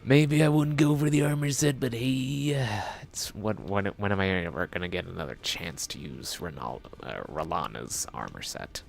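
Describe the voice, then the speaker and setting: A man's voice: fairly low pitch, normal speed, creaky, faint music behind. A man streaming a video game, rambling and joking as he plays. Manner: jokey, rambling, talking to himself. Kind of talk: casual gameplay commentary.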